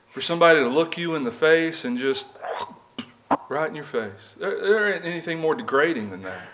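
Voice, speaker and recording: A man preaching a sermon in a church, reading scripture and asking the congregation rhetorical questions in an earnest, conversational way. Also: a little high. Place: church building.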